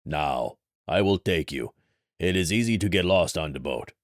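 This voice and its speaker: A man doing a gruff hulking guard in an audiobook. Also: low voice, lively intonation, normal speed, no echo, clean studio sound. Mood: menacing. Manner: terse, clipped broken English. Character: gruff hulking male guard, sour, blunt.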